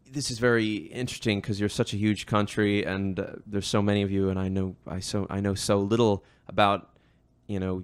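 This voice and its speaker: Smooth-voiced man telling rambling stories. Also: lowish voice, a bit bright. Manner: rambling storyteller, frequent fillers and restarts. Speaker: host. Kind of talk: casual conversation.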